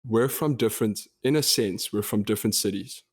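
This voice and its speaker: A young man with a South African Durban accent, co-hosting a podcast in relaxed, explaining casual chat. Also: on the low side, brisk, husky. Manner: relaxed, explaining, slightly monotone. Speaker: podcast co-host.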